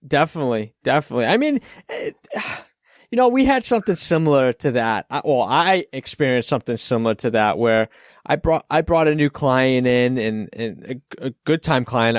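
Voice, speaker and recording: A man's voice: mid-range voice, clean tone, dry recording, studio quality. A man hosting a podcast, chatting in an easygoing, agreeable way. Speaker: podcast host. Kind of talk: casual chat.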